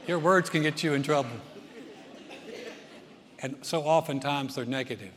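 A man's voice: fairly high pitch, normal speed, pauses often, background noise. A man from the States, preaching with folksy humor and often repeating words as he starts a thought over. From Southern United States. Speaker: pastor. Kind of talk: sermon with humor. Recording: long reverb of a large hall.

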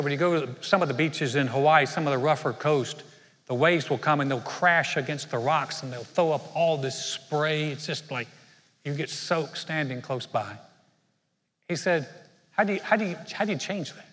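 A man's voice: medium pitch, fairly bright tone. A middle-aged male pastor giving a sermon, talking conversationally and joking with the congregation. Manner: conversational, self-deprecating humor with the congregation. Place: church sanctuary. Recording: long hall reverb.

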